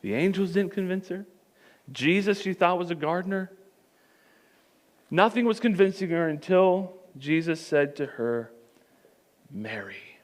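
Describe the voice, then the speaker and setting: A man preaching a sermon as pastor, telling the story in an animated way with comic asides. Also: sits high, moderate pace, pauses often.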